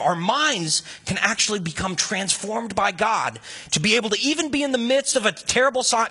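Male preacher, bright and husky, animated and conversational with rhetorical questions. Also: high voice. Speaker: pastor. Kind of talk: sermon.

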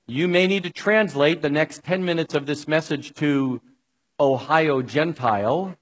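Husky-voiced New preacher. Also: male voice, a little high, unhurried, rough recording. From New York. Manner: chatty, wry, talks straight to listeners. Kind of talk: conversational sermon.

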